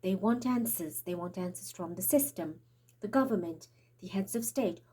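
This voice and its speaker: Speaking at a normal speed, this tarot reader has a lowish, warm, slightly rough voice and an animated manner. Her spiritual reading comes out urgent and prophetic, trembling and out of breath, with the odd whispered passage.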